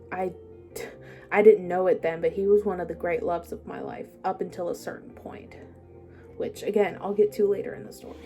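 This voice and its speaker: A young woman telling her own life story to the camera, halting and hesitant with many pauses, sometimes dropping to a near-whisper. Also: on the low side, warm tone, faint music behind.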